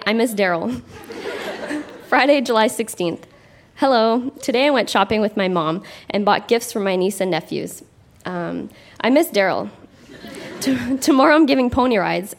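A woman's voice: medium pitch, creaky, slight background noise. A young woman from Canada reading her childhood diary aloud on a live stage, amused and breaking into laughter between entries. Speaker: reader on stage. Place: live stage before an audience.

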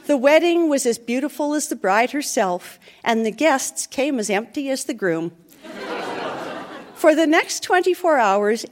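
Woman host, live comic read-aloud on stage, high and animated, mock-solemn delivery. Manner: theatrical, mock-solemn storytelling. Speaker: podcast host reading aloud. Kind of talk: live comic dramatic reading. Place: theatre stage, live show.

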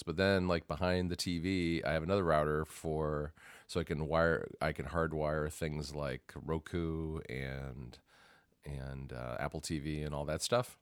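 A man with a very deep voice co-hosts a relaxed tech podcast. He wanders through his thoughts and often restarts his sentences mid-thought. The sound is dry and close, with no room around it. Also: normal speed, smooth, no echo. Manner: rambling, self-correcting, restarts sentences. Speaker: podcast co-host. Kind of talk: casual chat.

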